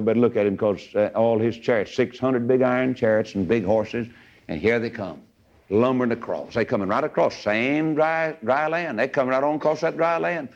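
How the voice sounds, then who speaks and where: A man's voice: mid-range voice, animated, fairly quick. A man preaching a sermon in a folksy storytelling way, acting out the voices of the people in his story. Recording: dull lo-fi recording.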